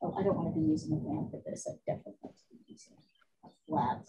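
A woman's voice: lowish voice, very animated, racing, gravelly, mellow, dull audio. A woman art teacher talking casually through a live online painting class, candid and chatty, cursing now and then.

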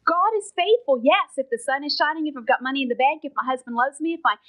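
Heard on a rough recording, a high-voiced middle-aged woman who teaches the Bible talks fast in an earnest, emphatic sermon style. She presses each point hard and now and then whispers softly for emphasis.

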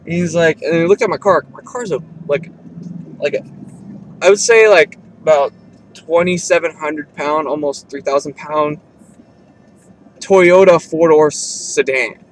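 A man's voice: on the high side, moderate pace, rough recording. A man, telling a rambling, casual story while driving his car. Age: 20s. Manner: rambling, filler-heavy, laid-back. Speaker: vlogger. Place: inside a moving car. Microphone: camera or phone in the car. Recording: loud car road noise. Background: road and engine noise.

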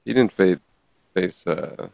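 A man's voice: low voice, slow, gravelly, darkish tone, dry recording. A man co-hosting a casual podcast chat, who laughs often and reads articles aloud. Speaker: podcast co-host.

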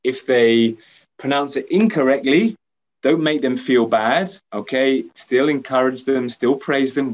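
Leading a teacher training workshop, a man with a medium-pitched voice speaks patiently at a measured pace, repeating points and checking in with "okay?" He also acts out lively praise as a teacher would give pupils. The sound is lo-fi.

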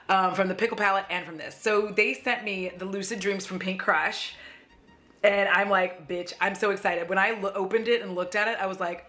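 A woman's voice: medium pitch, pushed and bright. A woman chatting in a casual beauty haul vlog, gushing and playful with lots of asides. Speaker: beauty vlogger. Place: at home.

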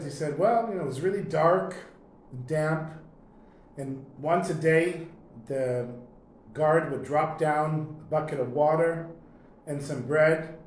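A man's voice: fairly high pitch, measured pace. Conversational male teacher telling a story. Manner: conversational, clears throat often. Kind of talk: storytelling in a lesson. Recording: echoey room, faint noise.

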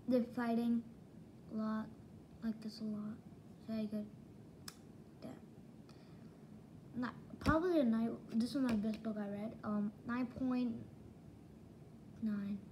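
Slow, mellow-voiced woman rambling through a review. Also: fairly high pitch, slight background noise, rough recording. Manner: rambling, excitable retelling with many restarts. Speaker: book reviewer. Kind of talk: casual manga review.

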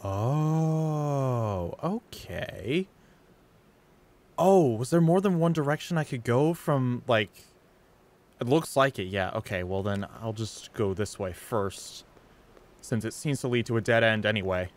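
A man streaming a horror game, thinking aloud and breaking into high yells at scares. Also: animated, slow. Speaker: gaming streamer. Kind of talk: live gameplay commentary.

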